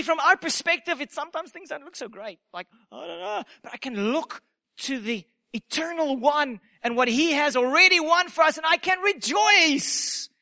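A man preaching a sermon in a playful, animated way, acting out little quotes and laughing at his own jokes. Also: very high voice. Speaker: pastor.

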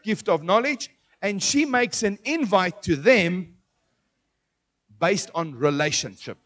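A man preaching a sermon in an animated way, asking his listeners questions as he teaches. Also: sits high. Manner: animated, asks the audience questions.

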